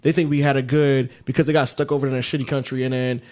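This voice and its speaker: A man's voice: mid-range voice, little pitch movement, fast talker, a little mellow. A man co-hosting a podcast in casual chat, talking in a rambling, profane way with many restarts. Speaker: podcast co-host.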